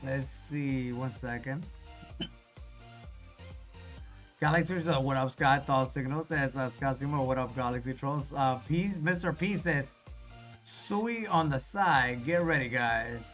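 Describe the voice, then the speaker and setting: A man's voice: mid-range voice, unhurried, fairly bright tone. A man streaming live, reading viewer chat in a casual, reassuring way and calling everyone brother. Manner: laid-back, reassuring, calls viewers brother. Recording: dull lo-fi stream audio with faint music.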